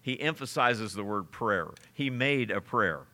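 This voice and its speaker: Bright-voiced man preaching a sermon. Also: lowish voice, expressive, a little slow. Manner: conversational preaching, reads scripture aloud, chuckles. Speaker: pastor.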